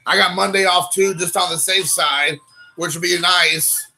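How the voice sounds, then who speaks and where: A man in his thirties hosting a casual stream while opening trading card packs, excitable and rambling, calling people dude. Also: high-pitched, normal speed, gravelly, soft background music, poor audio. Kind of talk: casual live-stream chat.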